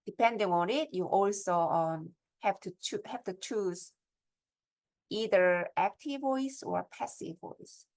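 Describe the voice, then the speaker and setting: A woman's voice: mid-range voice, unhurried, darkish tone. A middle-aged woman gives a step-by-step lecture on academic writing and keeps checking in with her audience through questions.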